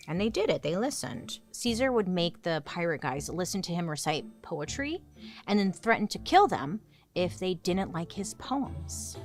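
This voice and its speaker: A woman's voice: fairly low pitch, lively intonation, moderate pace, soft background music. A young woman hosting comedic history storytelling, chatty and sarcastic, with dramatic swings. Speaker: host.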